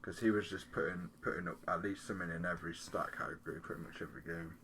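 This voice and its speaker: A man's voice: deep voice, fairly even intonation, quick pace, a bit bright, a little hiss or hum. A young man co-hosting a podcast in casual, sweary, joking banter and laughing often. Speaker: podcast co-host. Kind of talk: casual chat.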